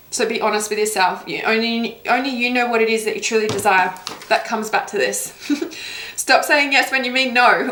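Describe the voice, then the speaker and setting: A woman's voice: fairly high pitch, pushed and bright. A woman giving a spiritual card reading, talking in an affirming, encouraging way and laughing often. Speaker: intuitive card reader. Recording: roomy echo.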